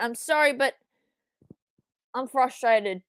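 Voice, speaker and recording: A young woman hosting a live watchalong, reacting excitedly, swearing and yelling at the screen, then repeating her frustration. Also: medium pitch, normal speed, clean tone, no echo. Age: young adult. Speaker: watchalong streamer.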